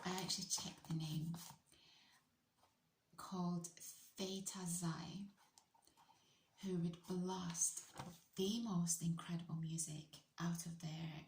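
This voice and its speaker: A woman's voice: lowish voice, creaky, reverberant, slight background noise. British woman, playful whispery storyteller. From United Kingdom. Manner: playful, slips into hushed whispery asides. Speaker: vlogger telling a personal story. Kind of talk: casual storytelling.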